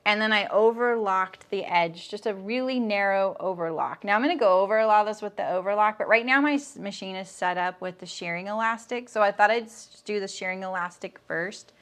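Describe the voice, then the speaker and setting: A middle-aged woman hosts a live sewing lesson, talking casually as she sews. She breaks off to answer viewers' comments and keeps a relaxed, friendly, rambling flow. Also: medium pitch, a little fast, few pauses. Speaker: sewing instructor.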